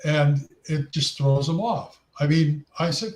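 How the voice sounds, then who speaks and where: A man's voice: on the high side, unhurried, hardly any pauses, darkish tone, reverberant. A man co-hosting a casual gaming podcast, chatty and often restarting his sentences. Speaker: podcast co-host. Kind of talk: casual chat.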